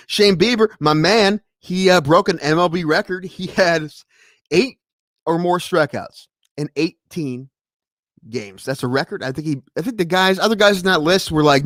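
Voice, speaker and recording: Male solo streamer, higher-pitched, scattered casual talker, dry close mic. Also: dry recording. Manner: scattered and rambling, with many restarts, then excitable when telling a story. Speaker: podcast host streaming solo. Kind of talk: casual rambling stream chat.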